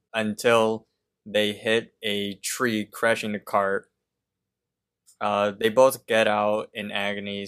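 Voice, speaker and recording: A man co-hosting a podcast, calmly retelling a cartoon episode scene by scene with small fillers. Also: on the low side, clean tone. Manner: slow, measured retelling with fillers. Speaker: podcast co-host. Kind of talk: casual episode recap.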